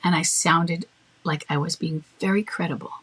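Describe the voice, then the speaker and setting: A woman's voice: lowish voice, steady tone, normal speed, fairly bright tone, husky. A woman coach giving advice in a firm, matter-of-fact way, acting out short bits of dialogue. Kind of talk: advice talk.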